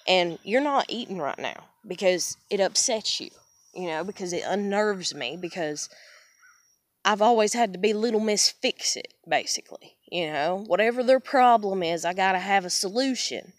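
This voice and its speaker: A woman's voice: medium pitch, lively intonation, normal speed. A woman in a casual personal monologue. She talks candidly, swears often, rambles, restarts sentences and keeps saying "you know.".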